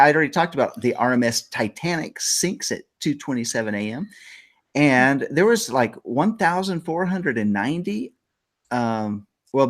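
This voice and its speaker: A male talk show host chats loosely through trivia, rambling and joking as he goes. His pitch moves around a lot and he laughs easily. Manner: jokey, rambling, laughs often. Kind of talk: casual morning show chat.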